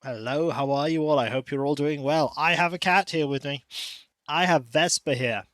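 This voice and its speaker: A man chats casually before a stream and coos softly at his cat between greetings to viewers. His voice sits a little high. It is close on the mic and dry, with no room sound. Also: moderate pace, no echo. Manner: chatty, coos and baby-talks to his cat. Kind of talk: casual pre-stream chat.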